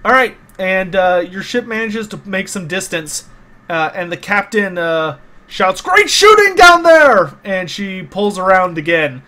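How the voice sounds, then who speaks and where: A man's voice: sits high, unhurried, pushed and bright. A man narrating as game master of a tabletop game, loose and casual with lots of fillers and restarts.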